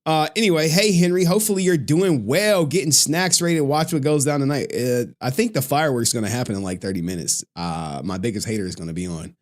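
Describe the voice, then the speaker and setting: A man's voice: medium pitch, fast talker, few pauses. A man chatting casually on a live stream, loose and profane, laughing often and reading out chat messages.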